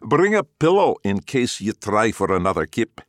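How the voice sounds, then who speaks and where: A man's voice: fairly low pitch, sing-song, moderate pace, no room sound, studio quality, pitched above the performer's own voice. A man voicing a jovial older Glaswegian father with a teasing, hearty manner, in a storybook reading.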